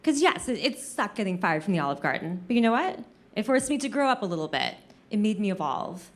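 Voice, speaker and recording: A woman comedian telling a funny personal story on stage, with an animated, self-deprecating delivery. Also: mid-range voice, brisk.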